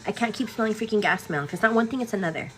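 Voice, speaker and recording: A young woman vlogger recounts a story to her viewers in a medium-pitched voice, talking at a racing clip over soft background music. She sounds tired and overwhelmed yet chatty and animated, laughing often as she quotes both sides of an argument.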